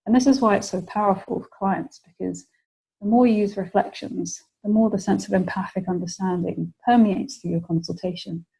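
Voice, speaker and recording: A woman's voice: mid-range voice, steady tone, moderate pace, gravelly, warm tone, slightly rough, low-quality recording. A British woman presenting a webinar lecture, explaining ideas and acting out example phrases for clients.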